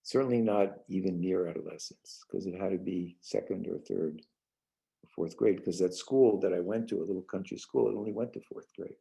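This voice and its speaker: An older man from the New York suburbs leading a parenting workshop, telling a childhood story and guiding exercises in a rambling, gentle way with many restarts. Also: deep voice, brisk, vocal fry, rough recording. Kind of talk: casual storytelling lecture.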